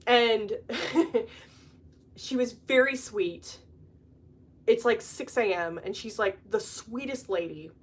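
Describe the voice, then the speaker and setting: A young adult woman hosting a podcast, chatting casually and telling stories in an animated way, laughing often. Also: a little high, slow, pauses often. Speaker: podcast host. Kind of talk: casual chat.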